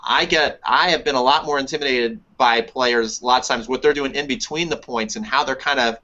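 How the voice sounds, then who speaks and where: A man's voice: mid-range voice, fairly quick, sharp tone. A man who coaches tennis, talking in a casual webinar discussion and repeating words for emphasis. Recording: muffled lo-fi webinar audio.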